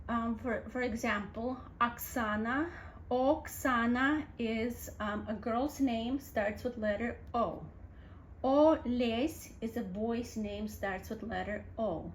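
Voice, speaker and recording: A woman with a slightly high voice gives an alphabet lesson at a very unhurried pace. She patiently spells words out letter by letter and repeats each sound. A faint hiss sits underneath her voice. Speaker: language teacher.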